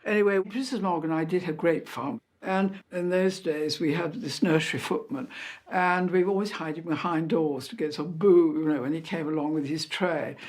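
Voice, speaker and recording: An elderly woman, reminiscing in an interview with chatty anecdotes and soft hesitations. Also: low-pitched, steady tone, moderate pace. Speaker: interviewee recalling royal life.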